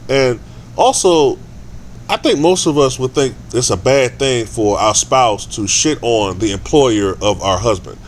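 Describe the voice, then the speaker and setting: A man's voice: medium pitch, a little slow, slight background noise. A man ranting casually in a vlog, profane and rambling, with stammered restarts. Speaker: sports vlogger.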